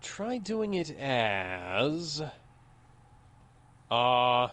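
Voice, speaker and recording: A man's voice: mid-range voice, big pitch swings, very slow, fairly bright tone. Giggly man rambling over a game. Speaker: game commentator. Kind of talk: casual let's-play chat.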